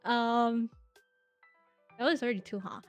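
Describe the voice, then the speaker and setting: A young woman, a podcast guest, chatting casually with many pauses and laughs as she thinks aloud. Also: a little high, soft background music. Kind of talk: casual interview chat.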